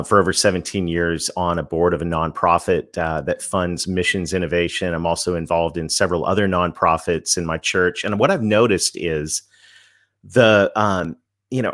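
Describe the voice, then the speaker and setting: Casting: deep-voiced male author guest, Canadian accent softened by the South, eager and sincere. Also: no echo, studio quality. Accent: mixed Canadian and American Southern. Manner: upbeat, earnest, with fillers. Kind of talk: interview answers.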